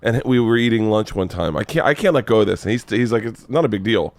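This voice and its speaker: A man's voice: fairly low pitch, animated, fast talker, no echo. A man in his forties hosting a podcast in casual chat, rambling with restarts and swearing freely. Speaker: podcast host.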